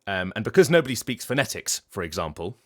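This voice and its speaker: A man with a very deep voice talks casually on his livestream. As a voice actor, he explains his craft thoughtfully and often stops to restart a sentence. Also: big pitch swings, quick pace, a bit bright. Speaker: voice actor and streamer.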